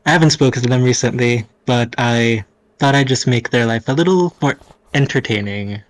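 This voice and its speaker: A man's voice: medium pitch, moderate pace, poor audio. A man playing his character in a tabletop game, casual and a bit hesitant. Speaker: player.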